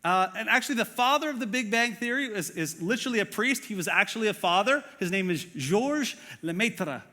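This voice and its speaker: A man's voice: high-pitched, quick pace, bright, forceful tone, in a large hall. A man preaching a sermon as pastor, earnest and conversational, with many fillers and questions to the congregation. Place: church auditorium.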